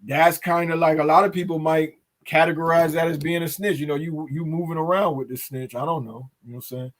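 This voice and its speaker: A man hosting a casual hip-hop news talk show, his voice sitting a little high for a man. He rambles loosely through the news, circling back with restarts and fillers. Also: fairly even intonation, fairly quick. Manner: loose, talkative, hesitant with restarts. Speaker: show host.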